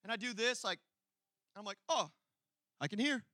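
High bright-voiced male preacher. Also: fairly quick, no echo. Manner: storytelling, swinging from quiet asides to loud emphatic peaks. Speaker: pastor. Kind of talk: sermon.

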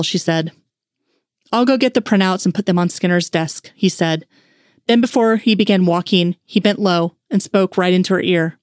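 A woman's voice: lowish voice, normal speed, a little mellow, no echo, studio quality. A woman narrating a fan fiction story aloud, reading the dialogue with light shifts of tone. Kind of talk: audiobook narration.

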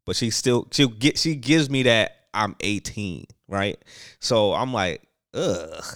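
Smooth-voiced young man rambling casually. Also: medium pitch, measured pace, no echo, studio quality. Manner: rambling, animated, lots of fillers and restarts. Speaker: podcast co-host. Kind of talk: casual chat.

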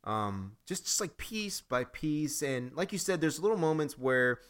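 A man co-hosting a casual movie review podcast, rambling and animated, often acting out his own reactions. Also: mid-range voice, moderate pace, clear, resonant tone. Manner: rambling, animated, acts out quotes. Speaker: podcast co-host.

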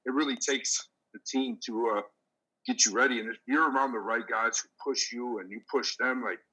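Middle-aged man, casual podcast chat, profane, animated, bright voice. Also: mid-range voice, moderate pace, low-quality recording. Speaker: podcast host, veteran powerlifter.

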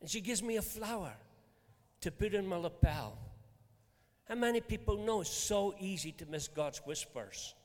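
An older man preaching a sermon, telling stories in an animated, emphatic way. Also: sits high, normal speed. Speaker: pastor. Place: church hall. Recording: long reverb of a large hall.

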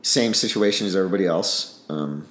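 Blunt deep-voiced man in echoey room. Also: fairly quick, fairly bright tone. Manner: blunt, frank, swears, tells stories with acted-out dialogue. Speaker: podcast guest, army special operations veteran. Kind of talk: casual interview talk.

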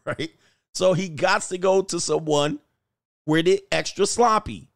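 A man's voice: high voice, slow pace, vocal fry, no echo, clean studio sound. Brash, crude man hosting a livestream. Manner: brash, crude and joking, laughs often; talks straight to the chat. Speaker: relationship coach and show host. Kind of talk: livestream commentary.

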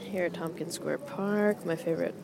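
A woman's voice: fairly low pitch, normal speed, creaky, noisy background. A young woman hosting a podcast outdoors in a park, rambling casually and joking at her own puns. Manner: rambling, self-mocking puns, laughs at own jokes. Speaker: podcast host. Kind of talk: casual monologue.

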